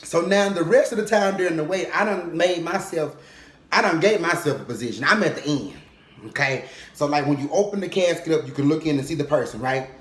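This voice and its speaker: A young man telling a funny personal story in casual vlog style, animated and comic, often checking in with "okay?". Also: on the high side, a little fast. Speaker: vlogger. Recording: roomy echo.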